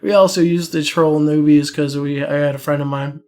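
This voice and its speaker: A man's voice: on the high side, fairly even intonation, moderate pace, warm tone. A young adult man co-hosting a podcast, telling crude stories in casual chat and laughing as he acts out other people. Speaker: podcast co-host.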